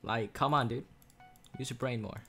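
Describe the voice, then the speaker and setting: A gaming YouTuber with a mid-range, slightly bright voice and some vocal fry speaks at normal speed, rambling and joking while trash-talking the other players in his game. Faint music plays behind him, along with faint keyboard and mouse clicks, all captured on a USB desk microphone.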